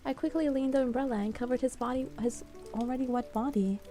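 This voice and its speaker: High-voiced emotional young woman reader. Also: steady tone, fast talker, dark tone, soft background music. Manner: emotional, doting, reacts with sighs and pet names. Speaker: YouTuber reading a game playthrough. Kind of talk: reading game text aloud with reactions.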